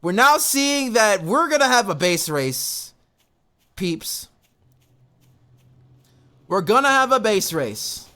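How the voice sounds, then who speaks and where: A man casting a strategy game match, excitable, often laughing and yelling advice at the players. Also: sits high, slow pace, long pauses. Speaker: game caster. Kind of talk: esports match commentary.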